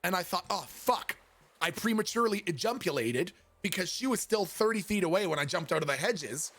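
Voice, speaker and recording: Animated swearing man telling a story. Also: sits high, a little fast. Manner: animated, profane, self-mocking. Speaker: streamer. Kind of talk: casual comic storytelling.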